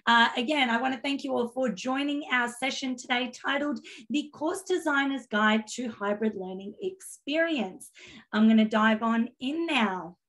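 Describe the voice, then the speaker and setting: A woman's voice: fairly high pitch, normal speed, a bit bright. A woman from Australia with an Australian accent, giving an upbeat, chatty remote conference presentation as a product owner, with self-deprecating asides.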